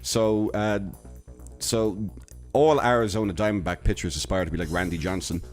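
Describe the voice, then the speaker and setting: A man's voice: lowish voice, normal speed, faint music behind. A man hosting a comedic news podcast, wry and rambling, often stumbling over his words. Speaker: podcast host.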